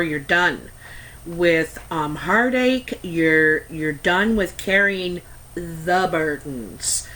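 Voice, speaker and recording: A woman's voice: on the low side, fairly bright tone, poor audio. A Canadian woman giving a casual tarot reading to camera, chatty and meandering, with many ums and asides. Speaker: tarot reader.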